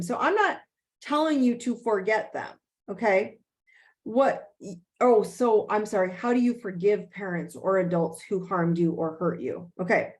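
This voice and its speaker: A woman's voice: medium pitch, lively intonation, unhurried. A woman hosting a motivational coaching session and Q&A on a video call, speaking emphatically and checking in with "okay?". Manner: emphatic, repeats key phrases, frequent "okay?" check-ins. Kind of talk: motivational talk and Q&A.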